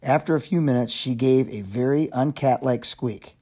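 Male reader, children's chapter book, steady mid-pitched narration. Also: normal speed. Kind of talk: reading a children's novel aloud.

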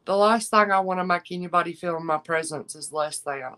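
A woman's voice: lowish voice, a little fast, few pauses, a bit bright, poor audio. A woman, chatting heartfelt and openly to her live-stream viewers as a jewelry seller.

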